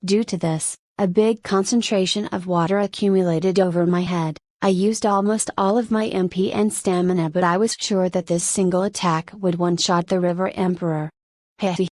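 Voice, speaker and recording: Woman, low-pitched, first-person audiobook narration, dry close mic. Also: darkish tone, dry recording. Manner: plain storytelling with brief voiced exclamations.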